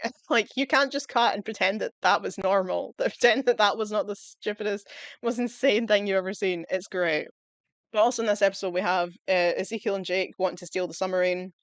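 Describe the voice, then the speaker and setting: A woman talks through a casual video review with easy enthusiasm. She rambles through asides and laughs often. Her voice sits at a middle pitch and sounds dry, with no room echo. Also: a little fast.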